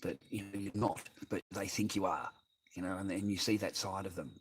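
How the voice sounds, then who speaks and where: Husky Australian man rambling on stream. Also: low-pitched, fairly even intonation, a little fast. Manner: rambling, swearing, reading chat aloud. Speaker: live streamer. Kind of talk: casual live stream chat.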